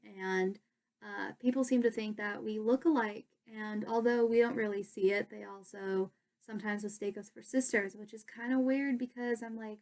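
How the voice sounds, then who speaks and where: A woman's voice: mid-range voice, steady tone, moderate pace, darkish tone. A young woman, a pageant contestant, telling stories in a casual vlog from her bedroom, bubbly and gushing. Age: young adult.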